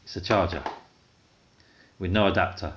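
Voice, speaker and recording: A man's voice: low-pitched, normal speed. A man chatting casually as a vlogger, explaining things as he unboxes and assembles a scooter with his child at home. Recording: dull lo-fi audio with steady noise.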